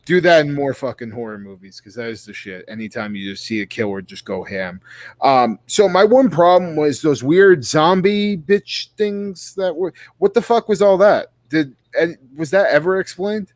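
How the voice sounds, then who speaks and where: A man raving about slasher movie kills in loose, swearing podcast banter. His voice sits a little high and the sound is dry and close, with no room around it. He rambles and restarts as he talks. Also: expressive, moderate pace, no echo. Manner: profane, enthusiastic, rambling with restarts. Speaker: podcast co-host. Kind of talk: casual horror movie review chat.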